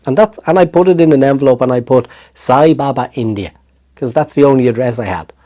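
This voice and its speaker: A middle-aged Irish man, a therapist, recounting a personal story in an interview with lively restarts. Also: mid-range voice, fast talker. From Ireland. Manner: animated storytelling with hesitant restarts. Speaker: guest, therapist.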